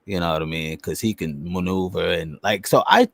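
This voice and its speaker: A man's voice: low-pitched, brisk, creaky, dry recording. A man hosting a podcast in loose, casual chat, swearing freely and often checking in with the listener. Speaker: podcast host.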